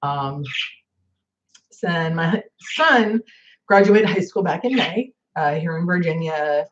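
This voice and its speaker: Forties woman vlogger, casual rambling chat, low-ish voice, muffled recording. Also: animated, slow, slight background noise. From northern United States. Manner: chatty, rambling, many fillers.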